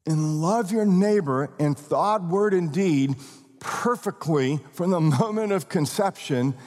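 A man preaching a sermon, stressing words slowly and often checking that the congregation follows. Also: high-pitched, darkish tone, long reverb tail. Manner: emphatic preaching with slow drawn-out stresses and questions to the congregation. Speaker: pastor.

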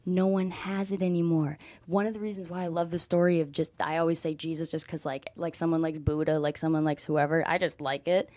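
A young woman, a guest on an interview show, telling her story with lively energy and acting out what people said. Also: low-pitched, fairly quick, few pauses, dry recording. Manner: animated storyteller, acts out quoted dialogue, frequent "like". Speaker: guest, former college softball player. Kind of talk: conversational interview.

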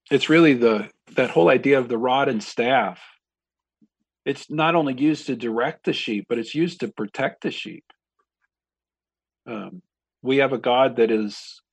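A man, a pastor, talking through a Bible passage in a reflective, measured way with frequent pauses. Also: medium pitch, husky, no room sound. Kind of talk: conversational Bible discussion.

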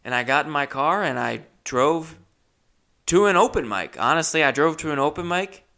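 A young man telling a comic story, animated, swinging from mutters to loud outbursts. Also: fairly high pitch, normal speed, vocal fry. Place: Los Angeles area.

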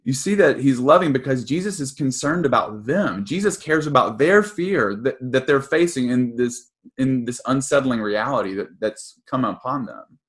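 A man's voice: mid-range voice, animated, moderate pace, hardly any pauses. A young man preaching a conversational sermon as pastor, casual and earnest, with frequent ums and restarts.

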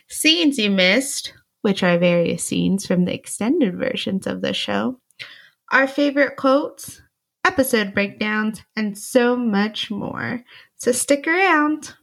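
A woman's voice: medium pitch, vocal fry, fairly bright tone, no echo. This young woman hosts a casual podcast in an upbeat, joking way, tossing in "like" as she goes. Her voice sits in a middle register and sounds dry and close to the mic. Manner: upbeat, joking, chatty with frequent "like". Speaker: podcast host.

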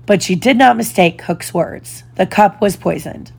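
A woman reading a children's storybook aloud in a slow, deliberate storytelling manner. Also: medium pitch, expressive, gravelly, a little mellow, husky. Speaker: storybook reader.

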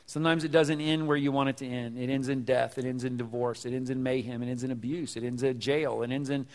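A man's voice: medium pitch, steady tone, quick pace. A man preaching a sermon as pastor, talking conversationally, repeating words as he goes and asking the congregation questions. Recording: long hall reverb.

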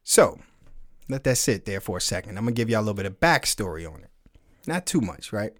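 Brief: middle-aged male podcast host, lively, profane storyteller, laughs a lot. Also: lowish voice, a little fast. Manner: animated, profane storyteller who laughs often. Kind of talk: casual podcast chat with live chat.

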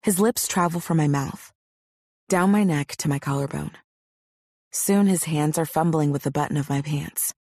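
A woman narrating a novel in the first person, with a measured, intimate reading on a close studio mic. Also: sits low, a little mellow, no echo. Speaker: audiobook narrator.

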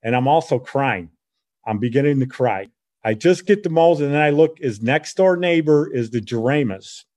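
A middle-aged man with a Chicago accent, telling a childhood story in a lively, casual way and acting out the voices of the people in it. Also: mid-range voice, moderate pace. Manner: animated, acts out voices in his story. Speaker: podcast host.

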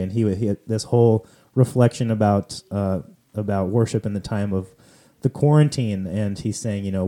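The speaker is a podcast host from California who casually discusses church readings, loosely and conversationally, with lots of fillers. His voice is lowish and dark-toned.

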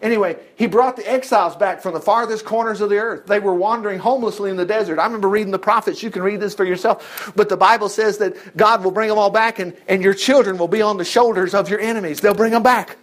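A man teaching from the Bible in a folksy, animated way, reading verses aloud and acting out the voices in them. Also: sits high, quick pace. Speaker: preacher.

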